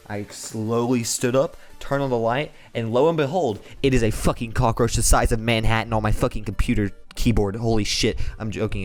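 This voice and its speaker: A young man telling a crude, rambling comedic story full of swearing, restarts and asides. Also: medium pitch.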